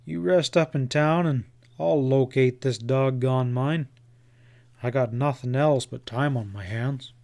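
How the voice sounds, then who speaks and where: A man playing a gruff, slow cowboy guide. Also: medium pitch, a little mellow. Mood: patient. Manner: growling frontier drawl, slow muttering. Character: gruff thick-set cowboy guide, patient but rough.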